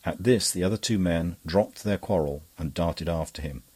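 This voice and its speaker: Low, husky male audiobook narrator. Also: normal speed, dark tone. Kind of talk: scripted narration.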